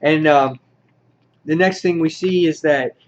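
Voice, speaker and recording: A man giving a casual comic book review, rambling with many filler words and getting excited as he goes. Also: fairly high pitch, unhurried, muffled recording, slight background noise.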